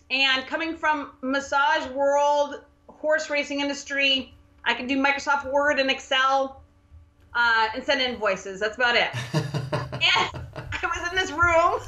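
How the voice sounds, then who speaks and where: A middle-aged woman, a podcast guest, telling her story in an animated way, often laughing and acting out quotes. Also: sits high, slow pace. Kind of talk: casual storytelling interview.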